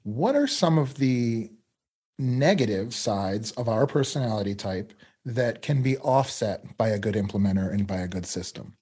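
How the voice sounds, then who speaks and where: A man's voice: fairly low pitch, lively intonation, normal speed, a little mellow, breathy edge. A man hosting a podcast interview, talking in a loose, casual way with many fillers. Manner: loose, filler-heavy talk with many "like" and "kinda". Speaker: podcast host.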